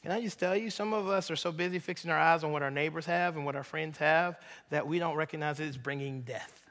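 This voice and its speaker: A man preaching a sermon as pastor, in an animated way with casual asides. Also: on the high side, fast talker. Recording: echoey hall reverb.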